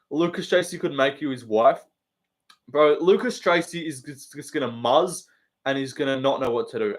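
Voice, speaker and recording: A young man in his twenties with an Australian accent hosting a casual live stream, reading comments in a joking, laid-back way full of slang and swearing. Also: a little high.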